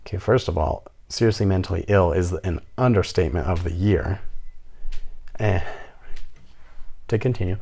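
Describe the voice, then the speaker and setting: Young guy ranting, low dark voice, sarcastic and mocking the whole way. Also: moderate pace, vocal fry. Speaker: landlord telling a tenant story. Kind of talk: casual storytelling rant.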